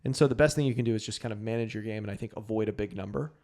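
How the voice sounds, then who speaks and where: A man's voice: lowish voice, very fast, warm tone. A man co-hosting a golf podcast, chatting loosely and explaining strategy with plenty of fillers. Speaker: podcast co-host. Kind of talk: casual chat.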